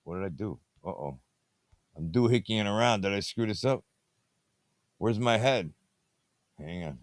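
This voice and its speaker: Measured and expressive, this man's lowish voice comes across with no echo. He's fiddling with a tablet at home at night, hosting a late-night movie review show as a rambling casual monologue that repeats catchphrases and drifts off topic.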